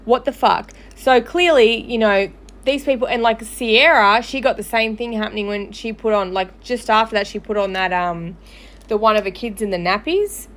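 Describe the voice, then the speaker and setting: A woman's voice: fairly high pitch, moderate pace, a bit bright. A woman who hosts a gossip page, ranting angrily and swearing on a livestream. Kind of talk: livestream commentary.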